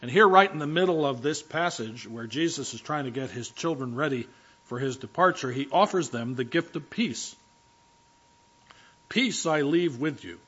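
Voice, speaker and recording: A man preaches as pastor in a church, speaking in a chatty, direct way to the people in front of him. His voice sits at an ordinary middle pitch. The recording is dull and lo-fi. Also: animated, normal speed, a bit bright, husky. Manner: conversational, addresses the congregation directly. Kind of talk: sermon.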